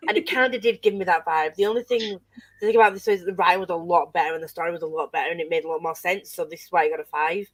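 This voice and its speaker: A woman guest in a casual book club chat, animated, laughing often and swearing freely as she reviews a novel. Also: fairly low pitch, rapid-fire, no room sound.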